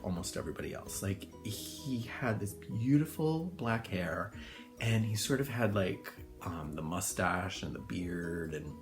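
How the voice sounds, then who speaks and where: Chatty low-voiced man telling stories. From Connecticut, US. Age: older. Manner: chatty, rambling, full of fillers, acts out voices in high squeals. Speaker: hairdresser. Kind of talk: casual storytelling monologue.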